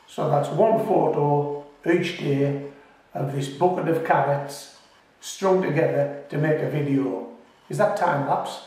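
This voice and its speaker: A man from the United Kingdom with a fairly high, slightly mellow voice and a slow pace hosts a gardening channel. He chats in a casual, friendly, reassuring how-to manner, joking and laughing at himself, sometimes with his mouth full; the sound is very echoey and distant.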